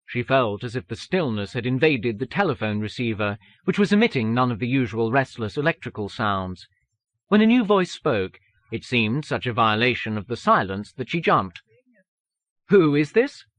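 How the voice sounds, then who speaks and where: A man reading an audiobook in a measured, even manner. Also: medium pitch, no echo. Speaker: audiobook narrator. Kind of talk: scripted narration.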